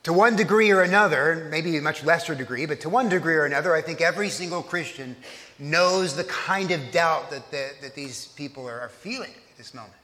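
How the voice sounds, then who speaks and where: Male preacher, slightly high voice, conversational sermon that questions the congregation; long church reverb. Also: brisk, bright, forceful tone. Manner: conversational storytelling, asks the listeners questions. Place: church service.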